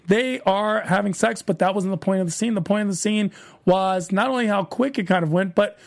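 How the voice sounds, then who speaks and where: Brief: male host of a review show, high voice with a gravelly edge, casual and rambling as he recaps episodes and circles back over the same phrases. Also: fairly quick. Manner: rambling, repeats phrases, animated retelling.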